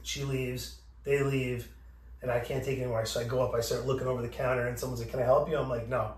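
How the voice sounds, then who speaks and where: A podcast host tells a story casually, swearing a lot and acting out both sides of the exchange. His voice is medium-pitched, level and fast. The room is echoey and he sits distant from the mic.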